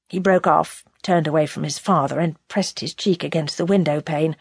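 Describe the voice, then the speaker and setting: A woman narrating a novel as an audiobook in a measured, expressive reading. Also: low voice, slightly rough, no echo, studio quality.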